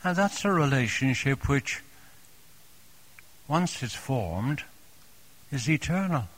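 A man delivers a sermon at an unhurried pace, gentle and tender in manner. His voice sits at a middle pitch, and he often repeats short phrases softly as he speaks to the congregation as dear friends. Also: expressive. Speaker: preacher.

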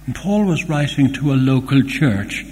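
An older man preaching a sermon in a church, earnest and slow, with fond asides. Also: medium pitch, lively intonation, a little mellow. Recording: long hall reverb, faint hum.

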